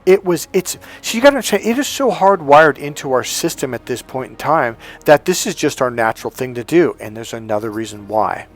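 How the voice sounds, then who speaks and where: A man's voice: medium pitch, animated, a little fast, hardly any pauses, faint music behind. A man giving an emphatic coaching talk on dating, telling anecdotes and acting out the quotes. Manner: emphatic, storytelling, acts out quotes.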